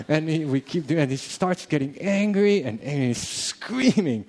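A young father telling a personal faith story in a casual, animated way, acting out what people said and chuckling now and then. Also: fairly high pitch, moderate pace.

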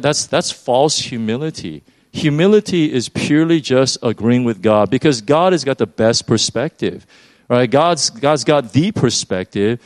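A man's voice: medium pitch, dry recording. A middle-aged man preaching a casual, conversational sermon. He rambles with many fillers and restarts, and acts out little quoted voices along the way. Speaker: pastor.

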